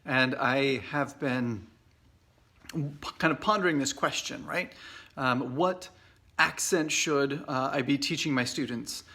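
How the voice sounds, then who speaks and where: A man in his forties with an American accent, giving an informal English lesson in a relaxed, chatty way full of fillers and restarts. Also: mid-range voice, slow pace. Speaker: English teacher. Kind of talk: casual video lesson. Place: away from home at a conference trip. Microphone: Facebook Live video.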